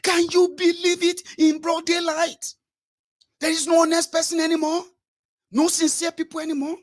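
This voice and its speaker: A man's voice: extremely high pitch, flat delivery, normal speed, pitched above the performer's own voice. A man doing a ranting, outraged shopkeeper. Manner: loud, aggrieved, ranting. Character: outraged middle-aged male shopkeeper.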